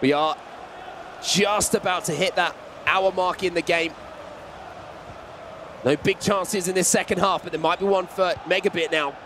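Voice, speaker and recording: A high-voiced man calls an esports football match play by play, lifting his voice with excitement as chances come. Faint noise hums under the recording. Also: unhurried, long pauses. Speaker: esports commentator. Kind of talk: play-by-play commentary.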